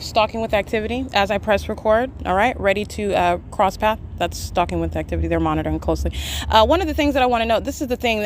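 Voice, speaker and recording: A woman talks quickly and insistently into a handheld phone while she sits in the shade beside a street. Her voice sits at a middle pitch, and she scatters filler sounds all through her speech. Faint traffic noise runs underneath. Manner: rapid, insistent talk with many filler sounds. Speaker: podcaster documenting in real time. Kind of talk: live self-recorded commentary. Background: passing traffic and plane engines.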